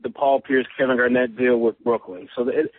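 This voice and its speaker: A man's voice: mid-range voice, level tone, normal speed, no room sound. A man, a sports reporter calling into a podcast, giving analysis with frequent stammering restarts. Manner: thinking aloud, stammering restarts. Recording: tinny phone line.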